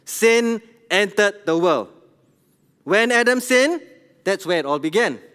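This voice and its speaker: A middle-aged man with a Singaporean English accent, preaching a church sermon in an animated, conversational way and asking the congregation questions. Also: high voice, slow pace, clear, resonant tone. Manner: animated, conversational, tells jokes at his own expense, asks the congregation questions. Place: large church hall. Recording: long hall reverb.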